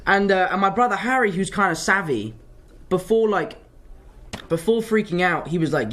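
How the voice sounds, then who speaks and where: A man's voice: high-pitched, a little fast. A young man, an actor answering fan questions in a casual live Q&A, telling stories with self-mocking asides. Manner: animated, chatty storytelling, self-mocking asides.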